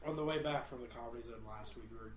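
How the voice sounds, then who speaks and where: A man's voice: medium pitch, racing. A man co-hosting a casual podcast, rambling and swearing freely. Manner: rambling, swears casually, half-sings song lines. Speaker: podcast co-host. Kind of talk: casual chat. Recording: echoey room with faint noise.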